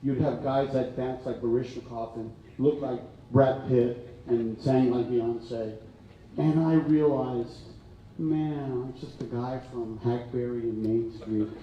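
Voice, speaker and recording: A man's voice: medium pitch, steady tone, slow, slight background noise. Older man speaking from far in an echoey hall. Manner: emotional, rambling storytelling with many fillers. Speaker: county health authority and physician. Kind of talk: town hall speech. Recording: echoey hall, distant mic, dull sound.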